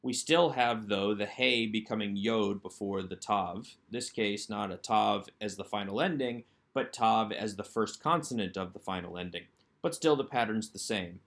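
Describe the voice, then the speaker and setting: A man with a fairly low voice leads a recorded workbook lesson. He works through each item step by step, first posing a question and then answering it himself. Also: normal speed, creaky, fairly bright tone. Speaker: Hebrew instructor.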